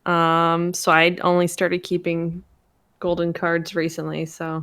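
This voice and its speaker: A woman's voice: fairly low pitch, completely flat delivery, measured pace, a bit bright. A young woman, a streamer and guest on a podcast, chatting casually with lots of filler words. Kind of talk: casual chat.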